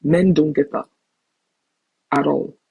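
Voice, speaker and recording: Husky, gravelly woman chatting casually. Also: deep voice, steady tone, slow pace, dry recording, narrow, tinny audio. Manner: brings up topics, reads out comments. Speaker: podcast co-host. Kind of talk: casual chat. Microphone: remote call.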